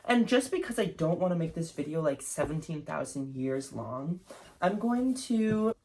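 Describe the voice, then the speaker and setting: Young woman doing a book vlog, low voice, super gushy and rambly. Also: normal speed, a little mellow. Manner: gushing, effusive, many fillers and restarts. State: recovering from covid. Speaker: book vlogger. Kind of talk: casual book review vlog.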